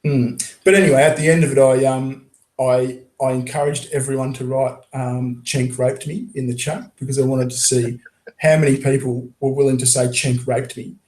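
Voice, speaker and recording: A man's voice: medium pitch, little pitch movement, normal speed, a little mellow, echoey room, rough recording. An Australian man hosting a casual chat, blunt and sweary, laughing often.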